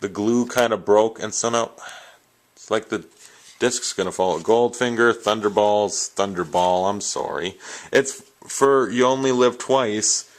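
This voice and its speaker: A man's voice: lowish voice, measured pace, low-quality recording. A man chatting casually on camera, rambling and enthusiastic as he reviews his new films. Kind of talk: casual unscripted vlog. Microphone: handheld camera, self-recorded.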